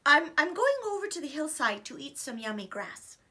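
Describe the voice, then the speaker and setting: A woman voicing a small young male billy goat, timid and pleading in a high voice for a read-aloud. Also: very animated, moderate pace, bright, forceful tone, exaggerated voice.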